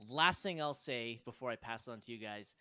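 A man's voice: mid-range voice, lively intonation, fairly quick, bright, forceful tone, dry recording. A man co-hosting a film podcast, talking with enthusiasm and swearing freely. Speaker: podcast co-host. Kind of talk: casual film review chat.

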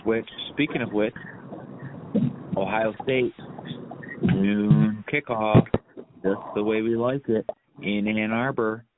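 A man's voice: lowish voice, fairly even intonation, unhurried, pauses often. A man co-hosting a sports podcast in casual chat, blunt and hyped, swearing often. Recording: tinny phone-like line with hiss.

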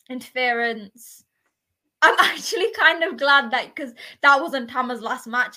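A woman co-hosting a casual wrestling podcast, chatty and quick to laugh. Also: fairly high pitch. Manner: lively, laughs often, chatty. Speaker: podcast co-host.

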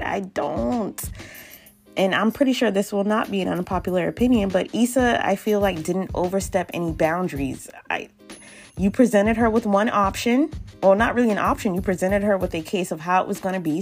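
A woman hosting a podcast, recapping and ranting about a TV episode in a casual, blunt, exasperated way, swearing often. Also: medium pitch. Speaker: podcast host reviewing a TV episode. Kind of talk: casual, profane recap and rant.

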